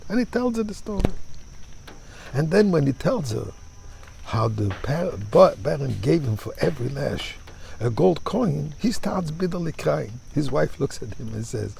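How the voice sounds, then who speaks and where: A man's voice: medium pitch, animated, unhurried, gravelly, a little mellow, a little hiss or hum. A man, a rabbi, giving a fervent sermon and telling a parable with emphatic storytelling.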